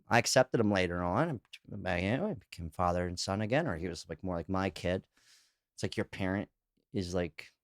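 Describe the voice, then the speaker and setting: Sitting low in pitch, this man hosts a solo podcast, responding to comments he reads aloud in a rambling, candid style peppered with "you know" and "like." An adult who says he's too old, he laughs as he tells anecdotes, recorded in studio quality without echo.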